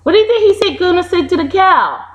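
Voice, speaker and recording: A woman's voice: extremely high pitch, quick pace, dull audio. A woman teacher reading a children's storybook aloud and asking the young listeners questions, whose first language is Haitian Creole. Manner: animated, asks the children questions.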